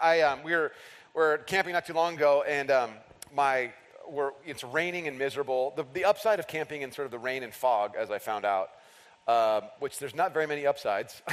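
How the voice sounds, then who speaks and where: A man in his thirties delivering a sermon with a fairly high, light voice. He tells humorous, self-deprecating stories from his own life. His voice rings with the long reverb of a large hall. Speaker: pastor.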